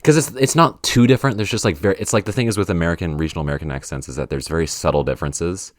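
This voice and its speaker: A man's voice: low-pitched, racing, dry recording, clean studio sound. A young man hosting a podcast, chatting casually with many fillers and restarts while trying out accent impressions. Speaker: podcast host.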